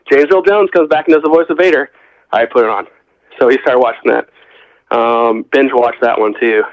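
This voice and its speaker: A man's voice: mid-range voice, quick pace, dry recording. Rambling middle-aged man telling stories. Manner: rambling storyteller, quotes others in conversation. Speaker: podcast guest. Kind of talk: casual chat. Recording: dull lo-fi podcast audio.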